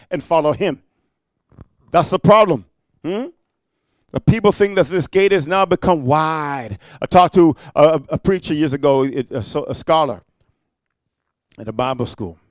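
A man preaching a sermon, moving from quiet storytelling to loud rebuke, filling it with amen and rhetorical questions. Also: fairly high pitch, moderate pace, pauses often, no echo. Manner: frequent amen and rhetorical huh.

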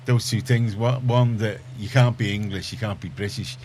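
Middle-aged scouse guy rambling on local radio, lowish voice, bit of hiss. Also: fairly even intonation, moderate pace, darkish tone. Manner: rambling storyteller, many restarts. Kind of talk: casual radio chat.

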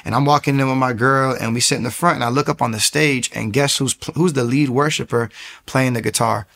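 A man giving a personal faith testimony, telling his story in an animated way, acting out the voices and using many fillers and restarts. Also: medium pitch, a little fast, vocal fry.

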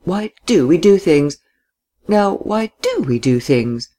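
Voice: medium pitch, very animated, normal speed, darkish tone. A reader voicing a good-natured old father who babbles and chatters. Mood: puzzled.

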